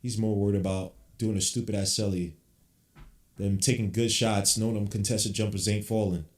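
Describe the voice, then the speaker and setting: A man's voice: lowish voice, fairly even intonation, normal speed. Man, podcast host, live game reaction, blunt, swearing, roomy echo. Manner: blunt, frustrated fan ranting, swears casually.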